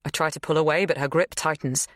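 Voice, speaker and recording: A woman narrating an audiobook in a measured, even reading. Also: low voice, dry recording, studio quality. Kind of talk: scripted first-person narration.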